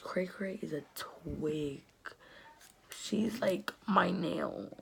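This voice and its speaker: A woman's voice: on the low side, drawn-out words, creaky, noisy background. A teenage girl telling a storytime vlog in a chatty, slangy way, often dropping to a whisper. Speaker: vlogger.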